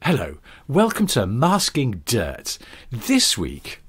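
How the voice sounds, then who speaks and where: A man playing a chirpy male TV home-makeover presenter, with a bright, mock-presenter delivery. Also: mid-range voice, wildly swooping pitch, slow, slightly rough, voice pushed up, heavily acted. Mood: cheery.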